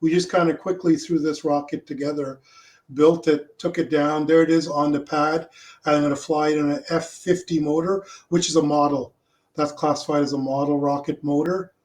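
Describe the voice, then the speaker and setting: A man with a slightly high voice walks through his launch slides on a video call. He talks casually and stumbles often, filling gaps with small hesitations and restarting his sentences. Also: fairly even intonation, a little mellow. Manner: halting, with many fillers and restarts. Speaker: club member presenting his rocket launch.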